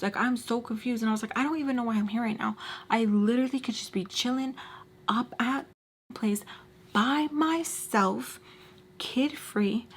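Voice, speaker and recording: Young woman, twenties, husky breathy voice, casual storytelling, animated, slangy. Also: mid-range voice. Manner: animated, acts out quotes, frequent slang and "like". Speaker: storytime vlogger.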